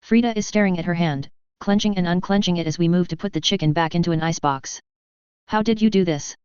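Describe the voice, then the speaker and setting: A woman reads first-person fan fiction aloud in a casual, wry voice, tossing in dry asides. Her voice sits a little low and is very smooth and clear. It is recorded close in a dead-dry space, with slightly dull, lo-fi sound. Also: steady tone, fast talker, darkish tone, no room sound. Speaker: reader.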